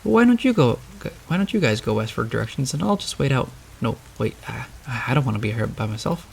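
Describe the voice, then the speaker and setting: A man's voice: mid-range voice, big pitch swings, brisk, creaky, slight background noise. A man voicing a sassy, quarrelsome talking bluebird girl with a bossy, snippy manner. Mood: snippy, nervous.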